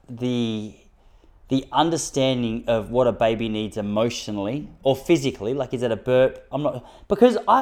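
An Australian man in his thirties doing stand-up, his storytelling wry and self-mocking. He talks in punchy bursts and jumps his voice up high whenever he quotes someone, then drops back to a level, mid-pitched tone. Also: darkish tone. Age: 30s. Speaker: stand-up comedian.

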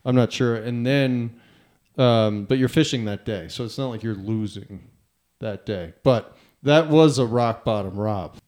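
A man's voice: medium pitch, a little slow, darkish tone. A man hosting a podcast in casual conversation, loose and rambling with many restarts.

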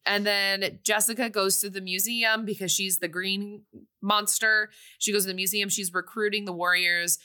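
Bright-voiced young woman, chatty recap. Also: medium pitch, fairly even intonation, moderate pace. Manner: rambling, filler-heavy retelling. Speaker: podcast co-host. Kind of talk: casual movie recap chat.

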